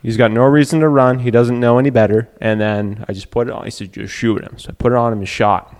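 A man telling a hunting story in a casual chat, animated and reliving the moment. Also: mid-range voice, fast.

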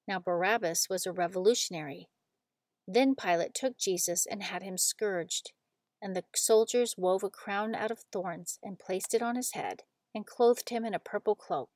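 A woman's voice: mid-range voice, darkish tone, dry recording. Woman giving a solemn scripture reading. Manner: measured, solemn narration. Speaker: scripture reader.

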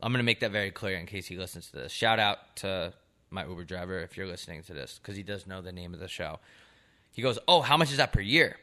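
Deep-voiced and quick, this young man co-hosts a podcast, telling animated stories in casual conversation that wander all over and are full of swearing.

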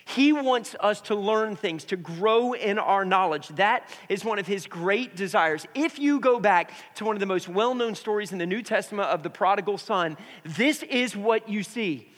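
A man leads a sermon as pastor, speaking in a fairly high voice. His words carry with a long reverberant tail through a church sanctuary. He moves from prayer into a family story for the congregation. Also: moderate pace, hardly any pauses, a bit bright. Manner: prays then tells a family story.

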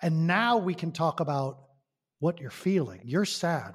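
A man's voice: a little high, sing-song, a little slow, husky, in a large hall. A man talking as a podcast guest, passionate and emphatic, asking rhetorical questions. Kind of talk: conversational podcast talk.

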